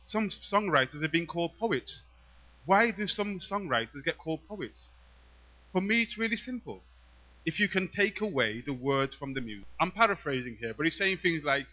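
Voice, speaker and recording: A man's voice: on the high side, lively intonation, moderate pace, sharp tone. A man performing spoken-word poetry live to an audience, teasing the crowd and reciting in a playful, rhythmic way. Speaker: performance poet. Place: live venue in front of an audience. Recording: dull, muffled live recording.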